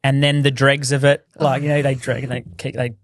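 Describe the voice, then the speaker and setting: A man's voice: mid-range voice, level tone, a little fast, no room sound, studio quality. A man co-hosting a casual chat podcast, laid-back and blunt, swearing now and then. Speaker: podcast co-host.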